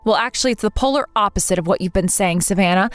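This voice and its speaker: A woman's voice: mid-range voice, fast talker, no echo, faint music behind, natural voice. A woman voicing an indignant young bride. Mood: vindicated. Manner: exasperated, demanding, indignant. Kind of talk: text-message story voice acting.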